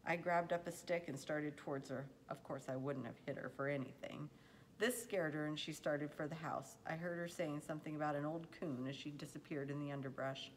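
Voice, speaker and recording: A woman reading a children's novel aloud in a steady, unhurried storytelling manner. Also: low voice, slight background noise, rough recording. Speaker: audiobook reader.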